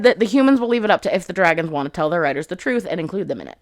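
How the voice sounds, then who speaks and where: A woman casually recapping a fantasy novel chapter by chapter, chatty and full of "like" and quick asides. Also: on the low side, expressive, no room sound, studio quality. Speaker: book reviewer.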